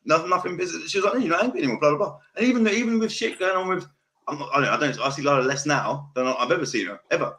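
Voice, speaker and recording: A man's voice: on the high side, animated, very fast, fairly bright tone. A young man with a South London accent hosting a podcast, chatting casually in a rambling, sweary way and repeating himself. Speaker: podcast host. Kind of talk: casual chat.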